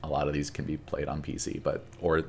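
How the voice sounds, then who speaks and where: A man's voice: a bass voice, monotone, a little fast, a little mellow. A man co-hosting a casual podcast chat, laid-back and easygoing. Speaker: podcast co-host. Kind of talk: casual chat about video games.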